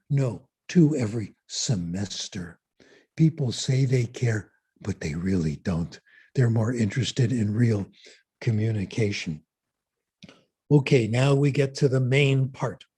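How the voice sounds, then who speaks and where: A man giving a conference lecture, asking rhetorical questions and answering them in an emphatic, deliberate way. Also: mid-range voice, mellow, slightly rough. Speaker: conference speaker. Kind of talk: lecture on language learning.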